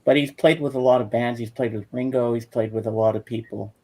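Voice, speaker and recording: A man's voice: medium pitch, fairly even intonation, brisk, dark tone, low-quality recording. A man in a casual group chat who tells stories earnestly and from the heart. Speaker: chat guest.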